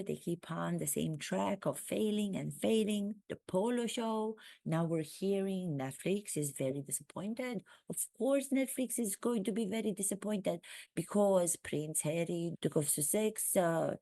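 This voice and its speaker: A woman vlogger giving animated, emphatic satirical commentary on royal gossip. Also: sits low, no echo, clean studio sound. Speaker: vlogger and acting coach.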